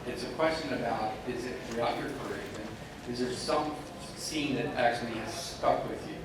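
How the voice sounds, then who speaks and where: A man moderating a convention panel, asking a question in a halting way and rephrasing as he goes. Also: medium pitch, noisy background. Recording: echoey hall from far off.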